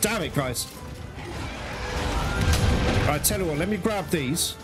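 A man giving live gameplay commentary to his viewers, excitable and swearing often. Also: on the high side, unhurried. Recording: loud game music behind.

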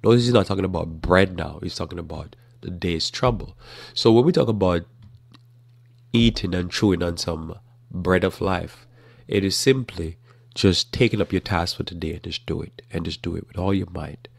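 A man with a very low, gravelly voice gives an earnest, conversational sermon. He leans on repetition to drive his points home. The sound is close and dry, with no room around it. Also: moderate pace, dry recording. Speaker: preacher. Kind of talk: casual teaching sermon.

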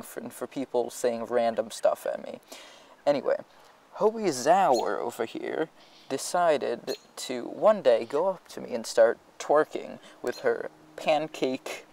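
Teen guy ranting a school story, sarcastic, rambly, mid pitch, says anyway a lot. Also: creaky, darkish tone, poor audio. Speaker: vlogger. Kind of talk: storytime rant.

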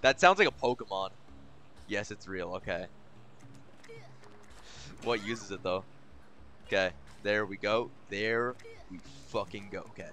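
Animated young man swearing at a game. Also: fairly low pitch, unhurried, long pauses, slight background noise. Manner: swears constantly, bursts into exasperated shouting. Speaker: game streamer. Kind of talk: live gaming commentary.

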